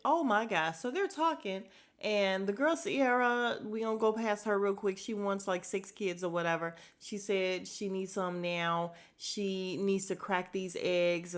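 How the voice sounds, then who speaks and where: Blunt, chatty woman podcast host. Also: mid-range voice. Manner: blunt, opinionated, chatty, talks straight to listeners. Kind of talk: casual reality-show recap.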